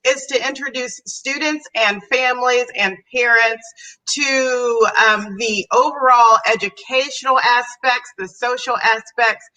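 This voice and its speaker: A woman's voice: fairly high pitch, measured pace, bright, forceful tone, rough recording. A woman guest from a sorority chapter speaking earnestly and graciously on a video-call podcast. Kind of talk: casual live broadcast chat.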